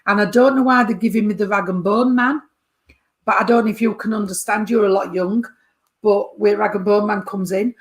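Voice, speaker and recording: A woman's voice: mid-range voice, steady tone, fairly quick. A woman giving a chatty mediumship reading to a sitter. She calls the sitter darling and sweetheart and keeps asking whether they understand. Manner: chatty, warm terms of address, keeps checking with the sitter. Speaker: spiritualist medium.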